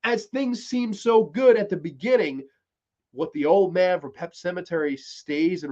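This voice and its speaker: A man's voice: sits high, darkish tone, lo-fi sound. A man hosting a podcast, casually recapping a TV episode in a rambling, profane way. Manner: rambling, profane, with quick acted quotes. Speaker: podcast host reviewing a TV series.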